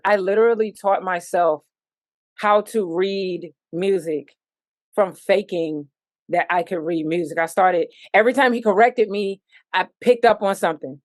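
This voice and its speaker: A woman from Virginia, a musician guest on an interview, telling stories with lively sung-out rhythms and sound effects. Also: medium pitch, moderate pace, no room sound. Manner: animated storytelling, sings out rhythms and sound effects. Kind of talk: casual interview.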